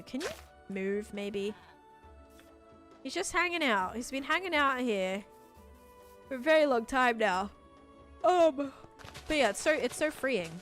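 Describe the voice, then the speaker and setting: A woman's voice: high-pitched, a bit bright. An Australian woman streaming a building game, chatting casually and reading out viewer comments with frequent laughter. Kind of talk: casual live-stream chat while gaming.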